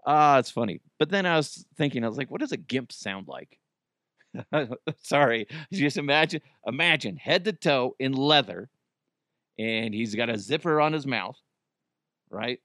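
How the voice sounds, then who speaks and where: A man's voice: medium pitch, a little slow, fairly bright tone, dry recording, clean studio sound. A man hosting a comedy podcast in casual chat, joking, swearing freely and laughing at his own bits. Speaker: podcast host.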